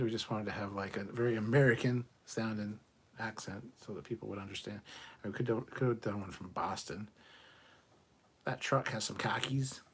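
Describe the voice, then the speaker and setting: Fairly low with a breathy edge, a man's voice carries a casual live stream. He reads questions from viewers aloud and answers them bluntly, swearing often and muttering to himself along the way.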